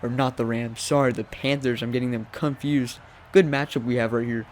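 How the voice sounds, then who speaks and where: A young man giving casual play-by-play commentary over a football video game, talking to the teams on screen and jumping high when surprised. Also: fairly even intonation, brisk, a little hiss or hum. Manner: chatty, talks to the teams on screen. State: voice cracking. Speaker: gaming commentator.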